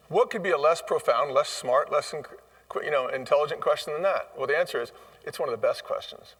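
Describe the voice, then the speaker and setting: Quick-paced and fairly high with a fairly bright tone, the former restaurant chain CEO speaks as a guest onstage at a conference, recorded from a distance. He recounts stories emphatically, dramatizing pieces of dialogue.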